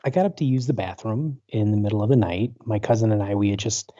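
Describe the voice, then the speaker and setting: Low-voiced man telling a story over a call. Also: fast talker, dark tone, no room sound. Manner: rambling, full of fillers and restarts. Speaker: guest, paranormal researcher. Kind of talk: casual storytelling interview. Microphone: video call. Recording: dull lo-fi internet call audio.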